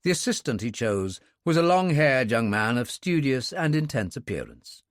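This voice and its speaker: A man narrating a thriller audiobook in a steady, measured storytelling manner. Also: mid-range voice, no room sound, studio quality. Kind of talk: scripted narration.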